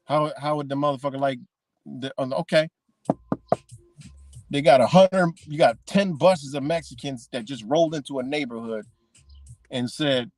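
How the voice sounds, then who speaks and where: A man's voice: medium pitch, normal speed, pauses often, darkish tone, dry recording. Profane ranting man, dry close sound. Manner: heated, profane, repeats himself. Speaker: vlogger.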